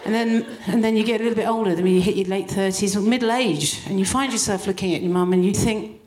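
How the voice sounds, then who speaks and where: A woman's voice: medium pitch, fast talker. A woman in her forties doing stand-up comedy on a live stage, acting out quotes and laughing often. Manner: animated, acts out mock quotes, laughs often. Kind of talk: stand-up comedy and casual chat. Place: live stage before an audience. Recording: echoey live venue with loud noise.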